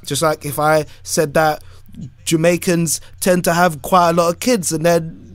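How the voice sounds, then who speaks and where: A man, a radio DJ guesting on a podcast, telling stories in a loud, animated way and swearing freely. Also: fairly high pitch, measured pace, no echo. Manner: animated, swearing storyteller with a lively voice. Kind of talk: casual podcast chat.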